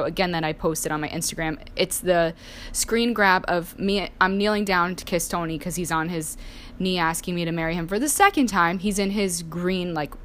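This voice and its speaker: A young woman with a slightly low voice tells personal stories in a loose, chatty way. She fills her talk with "like" and slips into lively voices for her family. A faint hiss sits under the recording. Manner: chatty, heavy use of "like", acts out family voices. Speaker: storyteller sharing personal life. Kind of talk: casual personal storytelling.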